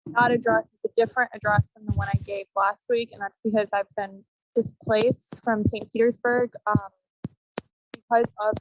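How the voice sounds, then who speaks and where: A woman's voice: medium pitch, no room sound, dull audio. Earnest hesitant woman on a video call. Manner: earnest, hesitant, many ums. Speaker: public commenter. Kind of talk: public comment over video call.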